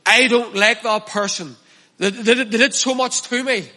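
High-voiced, slow, earnest male preacher. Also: fairly even intonation, pushed and bright. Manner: earnest, repetitive emphatic preaching. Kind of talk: sermon.

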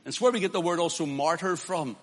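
A man's voice: fairly high pitch, fairly quick, a bit bright, in a large hall. A man preaching a sermon with impassion, building to emphatic declarations.

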